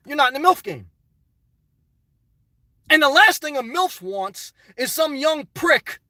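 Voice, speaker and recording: A man's voice: very high-pitched, bright, forceful tone, dry recording, recorded from a distance. A middle-aged man hosting a casual live stream, answering chat in a blunt, opinionated, rambling way.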